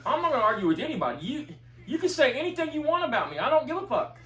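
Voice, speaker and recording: A man with a high voice tells a heated, profane story in casual chat. He sits some way back from the mic. The room echoes around him. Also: very animated, very fast, fairly bright tone, distant mic. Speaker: video commentator.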